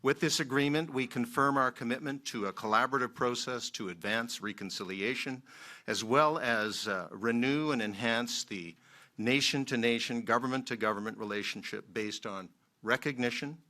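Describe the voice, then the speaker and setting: A man from Manitoba, a member of Parliament, giving a formal ceremonial speech in a measured, emphatic way with many pauses. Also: mid-range voice, bright, forceful tone. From Manitoba, Canada.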